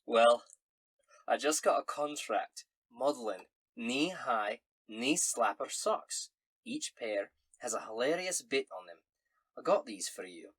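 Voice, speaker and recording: A man voicing a vain, boastful male dwarf in a put-on Scottish accent, reading a letter in a hammy, jokey way with a husky voice. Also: mid-range voice, big pitch swings, slow, a bit bright, no echo, full character voice.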